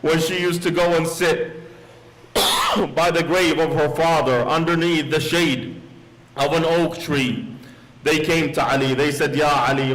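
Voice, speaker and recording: Male sheikh, slightly high voice, solemn sermon storyteller in a mosque, quotes in Arabic. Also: fairly even intonation, unhurried, fairly bright tone, a little hiss or hum, low-quality recording.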